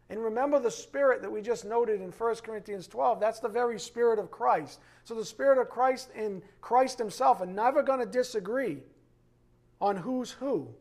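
High-pitched emphatic male bible teacher. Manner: emphatic, slows for scripture readings, drops to quiet asides. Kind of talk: classroom bible lesson.

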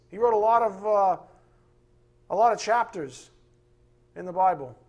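A man leads a Bible class in a loose, conversational way. His voice sits a little high for a man, and he jokes and slips into playful voices while he teaches. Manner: animated, joking, acts out voices.

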